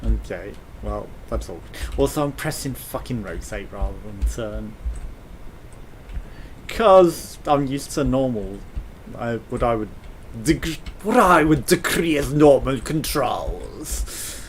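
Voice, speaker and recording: A man's voice: medium pitch, lively intonation, slow, slight background noise. A British man commentating a space game, reading its text aloud with jokes and swearing. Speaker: let's play host.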